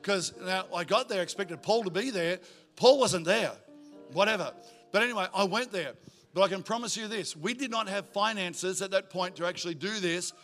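A male pastor, preaching a sermon in a church in a joking, energetic way. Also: sits high, normal speed, faint music behind. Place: church auditorium.

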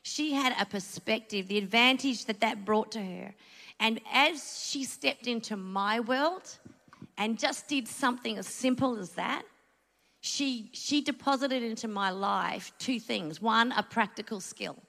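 A woman's voice: fairly high pitch, measured pace, creaky, fairly bright tone. A middle-aged Australian woman giving a sermon, telling a personal story in a chatty, earnest way with asides. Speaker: church speaker. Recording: long hall reverb.

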